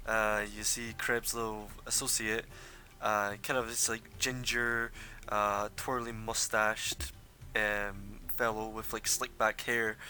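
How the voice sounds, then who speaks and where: A man's voice: fairly low pitch, level tone, takes it slowly, sharp tone. A young man narrating a tabletop game as game master, rambling with many fillers.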